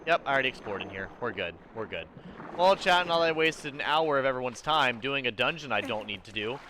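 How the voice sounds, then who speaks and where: A man streaming a video game live, ranting and excitable in casual commentary, swearing freely at the game and chatting to his viewers. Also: mid-range voice, quick pace, slight background noise. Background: game music.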